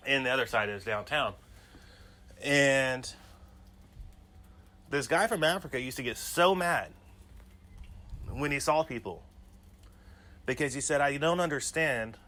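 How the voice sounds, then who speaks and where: A man with a bright, forceful voice talks through personal stories in a loose solo podcast. He rambles and keeps dropping "you know" between his thoughts. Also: mid-range voice. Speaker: podcast host. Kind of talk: casual personal storytelling monologue.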